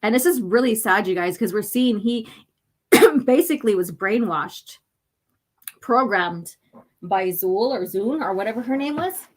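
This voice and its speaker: A woman hosting a casual livestream and reading a comic aloud, rambling with many fillers and often clearing her irritated throat. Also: medium pitch, expressive, unhurried.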